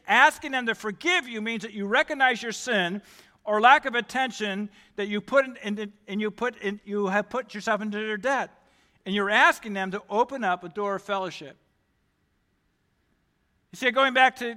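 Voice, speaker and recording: A male pastor preaching a sermon, talking emphatically and climbing louder on key points. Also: high voice, normal speed, long pauses. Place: church. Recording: long hall reverb.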